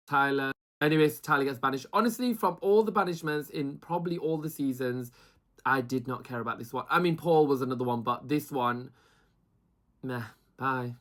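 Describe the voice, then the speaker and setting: A reality TV reviewer chatting casually with plenty of gossip and attitude. The delivery is animated, and it regularly breaks into high mimicked voices when quoting the contestants. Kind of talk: casual commentary with mimicked quotes.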